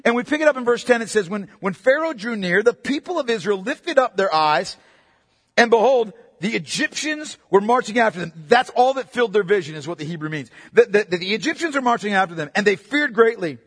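A man preaching a sermon in an emphatic way, swinging from loud to quiet. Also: high voice, expressive, fairly quick, breathy edge, long reverb tail. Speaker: pastor.

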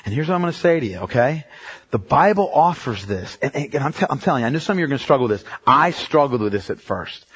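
A male pastor preaching a sermon, emphatic and direct, dropping from loud bursts to a hush and checking in with his congregation. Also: medium pitch, lively intonation, fast, husky. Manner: emphatic, swings between loud outbursts and hushed stretches; talks straight to the congregation, checking in often.

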